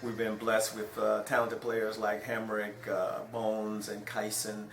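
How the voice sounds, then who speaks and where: A man's voice: fairly low pitch, monotone, a little slow, a bit bright. Man coach giving brief answers. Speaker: basketball coach. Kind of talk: casual interview. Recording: echoey room.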